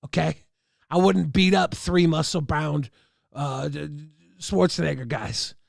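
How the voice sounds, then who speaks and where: A man's voice: fairly high pitch, measured pace, gravelly, no echo, studio quality. A man hosting a livestream, telling a boisterous, profane, exaggerated comic story to his chat. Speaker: livestream host.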